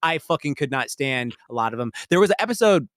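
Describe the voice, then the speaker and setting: A man's voice: medium pitch, big pitch swings, fast, a bit bright, no echo, studio quality. A man co-hosting a podcast, giving a casual, rambling review full of fillers and swearing. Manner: rambling, profane, many fillers, bursts into heated outrage. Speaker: podcast co-host.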